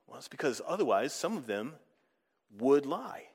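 A man's voice: medium pitch, very animated, normal speed, gravelly, a little mellow, husky, long reverb tail. A man preaching a sermon in a conversational way, often putting questions to the audience.

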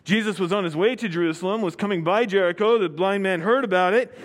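A man's voice: high-pitched, brisk. A man preaching a sermon, reading scripture and explaining it, emphatic and drawing out key words. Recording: long hall reverb.

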